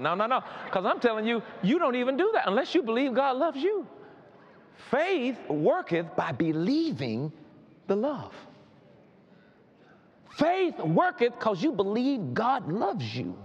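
High, animated male preacher, emphatic, repeats himself, builds to shouting. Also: unhurried, pauses often, highs cut off, slight background noise. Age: adult. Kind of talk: sermon.

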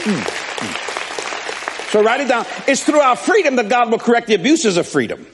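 A man preaching a sermon as pastor, telling stories in an animated way with laughs. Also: extremely high pitch, normal speed, a faint crowd, a little hiss or hum. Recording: echoey hall.

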